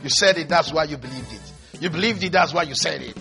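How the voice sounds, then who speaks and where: A man preaching a sermon, animated and mimicking people's voices. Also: a little high, fast, creaky, soft background music. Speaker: pastor.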